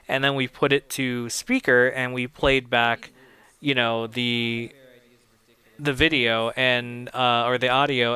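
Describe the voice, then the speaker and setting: A man's voice: mid-range voice, pushed and bright, clear, resonant tone. A young man giving casual audio commentary on his own film, rambling and chatty, often laughing at his own jokes.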